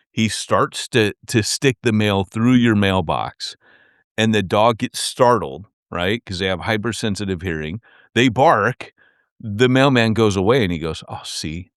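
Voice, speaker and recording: A male podcast co-host chats casually, telling animated, rambling stories and restarting often. His voice sits on the low side, captured in a dry, studio-quality recording.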